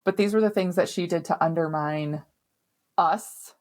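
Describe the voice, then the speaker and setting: A woman's voice: lowish voice, moderate pace, a little mellow. A middle-aged woman hosting a podcast, telling a personal story in a candid, emphatic way and swearing now and then. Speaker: podcast host.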